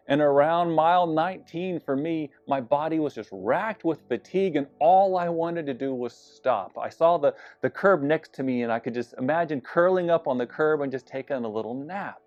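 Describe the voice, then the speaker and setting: A man's voice: on the high side, darkish tone, no echo. A man preaching as a pastor, telling a personal story in an earnest, confessional way with some self-deprecating humor. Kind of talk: sermon-style personal storytelling. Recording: slightly dull sound with faint music behind.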